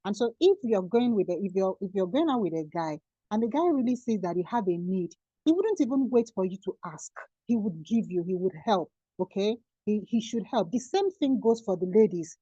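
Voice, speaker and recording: A woman on a video call hammers home her points, repeating key words for emphasis. Her voice is dark and mellow. The audio is dry and a little dull. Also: mid-range voice, lively intonation, a little fast, dry recording. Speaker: panelist summing up a discussion. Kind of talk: online panel discussion.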